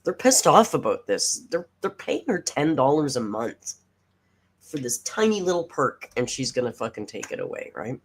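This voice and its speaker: A woman's voice: extremely low pitch, big pitch swings, normal speed, breathy edge. A woman hosting a casual livestream reaction, sarcastic and swearing freely as she reads comments aloud. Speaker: reaction streamer host.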